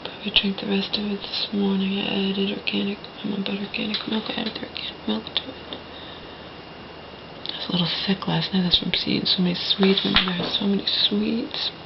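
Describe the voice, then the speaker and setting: Indoors at a home, a woman vlogger talks straight to her viewers in a personal monologue, rambling with many restarts and sometimes dropping to a whisper. Her medium-pitched voice is level, a little fast, and has vocal fry. The recording is muffled with a noisy background.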